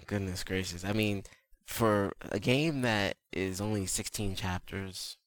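Deep-voiced laid-back man chatting games. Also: expressive. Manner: laid-back, casual swearing, quick asides. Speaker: podcast co-host. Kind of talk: casual chat about video games.

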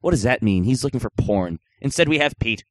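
A man's voice: mid-range voice, animated, a little fast, no echo. A man hosting a gaming podcast in casual chat, joking and rambling with lots of filler words. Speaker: podcast host.

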